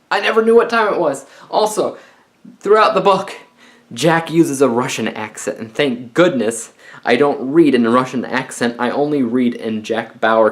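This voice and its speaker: A young adult man giving a casual, rambling book review, animated and often exasperated. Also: medium pitch.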